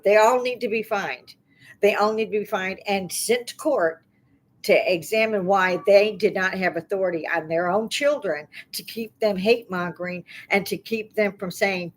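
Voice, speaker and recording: A middle-aged woman hosting her own talk stream, ranting angrily about politics with heated, indignant outbursts. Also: medium pitch. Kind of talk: angry political rant.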